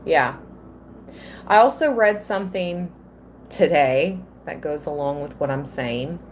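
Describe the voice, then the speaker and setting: A woman giving a live tarot reading, slow and earnest, at times emotional. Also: sits low, a little hiss or hum. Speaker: tarot reader.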